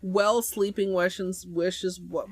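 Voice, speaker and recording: A woman's voice: fairly low pitch, fairly even intonation, slow pace. A young adult woman chatting on a livestream, crude, goofy and self-mocking. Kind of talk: casual livestream chat. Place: home streaming setup.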